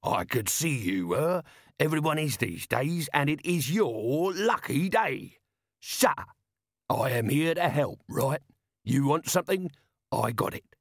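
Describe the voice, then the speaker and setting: A man's voice: a little high, expressive, takes it slowly, no room sound, clean studio sound, pitched above the performer's own voice, exaggerated voice. Man doing a jovial pushy street trader. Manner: jovial, salesman patter.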